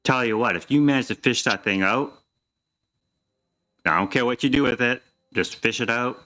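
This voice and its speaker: A man's voice: medium pitch, moderate pace, bright, forceful tone, soft background music, natural voice. A man voicing an evasive middle-aged innkeeper who dodges questions in a folksy drawl. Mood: wheedling.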